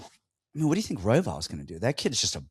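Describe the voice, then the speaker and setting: A man in his thirties co-hosts a loose, joking fight podcast. He rambles with a very lively, swinging pitch, then drifts back to the breakdown. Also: quick pace, breathy edge. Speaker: podcast co-host. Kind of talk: casual chat, fight breakdown.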